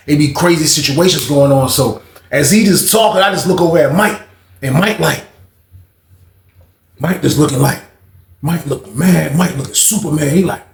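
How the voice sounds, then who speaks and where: A young man telling a story from his life in a casual, slangy way, acting out the dialogue as he goes. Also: a little high. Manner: slangy, animated retelling with quoted dialogue. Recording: roomy echo.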